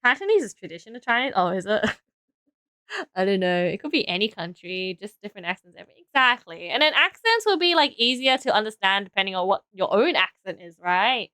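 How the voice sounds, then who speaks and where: A woman's voice: medium pitch, big pitch swings, a little fast, pushed and bright, clear, resonant tone, no room sound. A young woman streaming, chatting casually with viewers while building, rambling and correcting herself as she goes. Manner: rambling, unsure and self-correcting. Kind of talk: casual live-stream chat.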